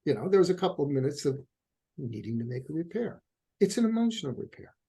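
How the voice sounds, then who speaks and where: A middle-aged man speaks as a couples therapist in a relaxed interview, his voice gravelly and a little husky. He is a lively storyteller who slips into the voices of the people he quotes. His tone sits on the darker, mellow side. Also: on the high side, quick pace. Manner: animated storyteller, acts out quotes. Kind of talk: conversational interview answer.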